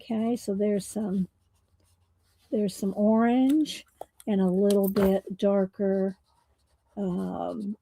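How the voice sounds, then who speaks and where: A woman's voice: mid-range voice, steady tone, slow pace, gravelly, long pauses, warm tone, a little hiss or hum. A woman hosting a coloring livestream, chatting casually and rambling with fillers and restarts. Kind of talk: casual chat while coloring.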